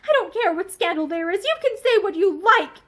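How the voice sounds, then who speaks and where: A tearful, passionate young wife, stormy and unhappy, as a woman reads her aloud from a storybook. The voice runs high and swings widely. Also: lively intonation, brisk. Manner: stormy and pleading.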